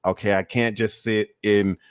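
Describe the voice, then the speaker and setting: A man hosting a casual astrology livestream, talking about himself in an animated, profane and self-mocking way, often laughing at himself. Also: moderate pace, clear, resonant tone. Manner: animated, swings into high squeaky mock voices and self-mocking rants. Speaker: astrology reader and streamer.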